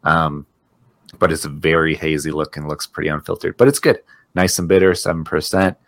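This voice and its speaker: A man's voice: extremely low pitch, fairly even intonation, moderate pace, no echo. A man co-hosting a podcast, chatting casually and joking, laughing often. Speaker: podcast co-host. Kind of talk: casual chat.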